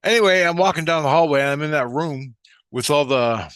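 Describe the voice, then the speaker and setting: A man's voice: on the high side, fairly quick, fairly bright tone, smooth, dry recording. A man telling a rambling personal spiritual story in a casual, profane way, often restarting his sentences. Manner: profane, meandering, with frequent restarts. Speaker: spiritual vlogger.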